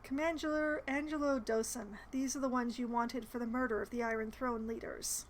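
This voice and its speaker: A woman's voice: fairly high pitch, fairly even intonation, normal speed, slight background noise, rough recording. A woman streaming a role-playing game, reading the dialogue aloud and adding wry, chatty asides. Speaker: gamer streaming a playthrough.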